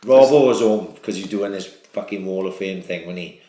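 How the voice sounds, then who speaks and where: Low-voiced man rambling in an echoey room. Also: normal speed, mellow. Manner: rambling, swearing, frequent restarts. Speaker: podcast host. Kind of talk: casual chat.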